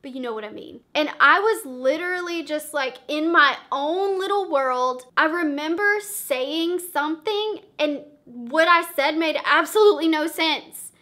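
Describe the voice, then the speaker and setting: A young woman vlogger telling a dramatic storytime with lots of profanity, swinging between loud bursts and hushed asides. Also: high-pitched, animated, measured pace, few pauses. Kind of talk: storytime vlog.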